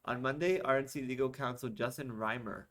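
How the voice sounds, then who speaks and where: A man's voice: medium pitch, a little fast, fairly bright tone. A young man hosting a casual podcast, reading news articles aloud and breaking off for sarcastic asides.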